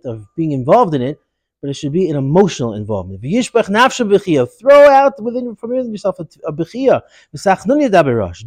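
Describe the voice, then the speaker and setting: A man giving a Torah lesson, a digressive and animated storyteller. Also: a little high, no room sound. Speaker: Torah teacher.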